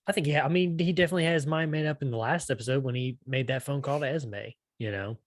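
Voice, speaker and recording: A man's voice: fairly high pitch, fast talker, no echo, studio quality. A man co-hosting a podcast in casual chat, rambling and restarting with lots of "you know". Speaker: podcast co-host.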